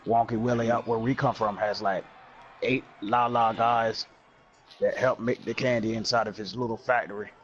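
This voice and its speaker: A man doing deadpan, bantering co-commentary over a video game wrestling match. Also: on the low side, moderate pace, slight background noise. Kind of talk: jokey role-play commentary. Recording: dull lo-fi mic.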